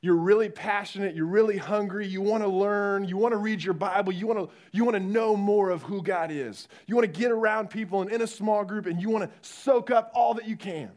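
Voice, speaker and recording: A young man preaching a youth sermon, telling stories with animated quoted voices. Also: sits high, fairly quick, few pauses. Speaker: youth pastor.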